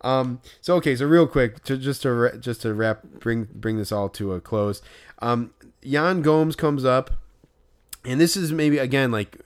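A man co-hosting a casual podcast, telling a story full of "like" and loudly acting out what people said. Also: medium pitch, measured pace, clean tone. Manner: animated retelling with loud acted-out quotes and filler "like". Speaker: podcast co-host.

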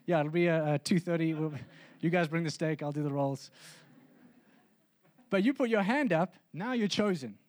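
A high-voiced man delivers a sermon to his congregation. He preaches in an earnest, conversational way, often circling back to restart a thought. The recording is dry and close, with no room sound. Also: moderate pace, long pauses, darkish tone, no room sound. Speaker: pastor.

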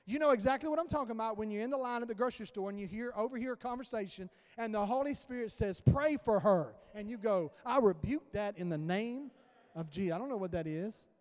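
A man preaching with a strikingly high voice, talking to his congregation like friends and acting out everyday conversations. His words ring out with a long reverb through a church sanctuary. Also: quick pace, few pauses. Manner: conversational preaching, acts out dialogue. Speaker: pastor. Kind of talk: sermon.

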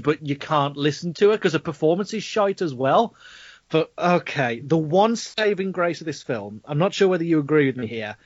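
Podcast co-host, Black Country man, raised pitch, sweary ranting, dry slightly muffled recording. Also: no room sound. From Black Country, England. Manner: sweary, ranting, laughing often. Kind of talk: casual film review chat.

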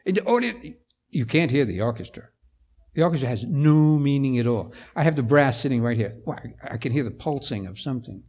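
An older composer-conductor with a brisk, medium-pitched voice entertains a luncheon audience with anecdotes, animatedly acting out the voices of the people in his stories.

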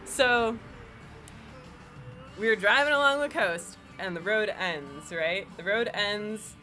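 A woman from New York telling a personal story as an interview guest, animated and full of "like" fillers. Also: medium pitch, slow, soft background music. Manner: animated, filler-heavy with lots of "like". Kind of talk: casual storytelling.

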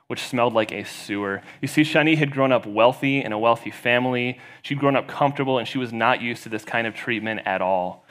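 A man preaching a sermon as pastor, retelling a story and raising his voice for the quoted voices. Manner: storytelling, rising loud and high for quoted voices.

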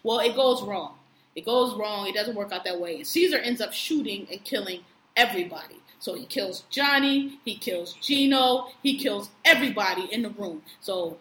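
A woman tells a film's story in a loose, chatty way, slipping into the characters' voices as she goes. Her voice sits a little high and comes across bright and forceful. The room is echoey, with faint noise behind her. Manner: animated retelling, acting out characters' lines, frequent profanity. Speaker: podcast co-host recapping a film. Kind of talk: casual storytelling chat.

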